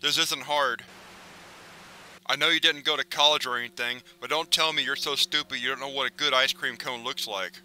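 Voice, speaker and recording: A man's voice: mid-range voice, steady tone, moderate pace, bright, forceful tone, a little hiss or hum, rough recording. A man voicing a paranoid, threatening male cartoon pelican who bullies and demands approval. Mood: demanding.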